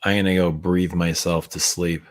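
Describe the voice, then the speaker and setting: A man hosts a late-night livestream in a relaxed, drawling chat. His voice sits very low and deep, and he laughs often. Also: normal speed. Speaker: perfume brand owner hosting a livestream.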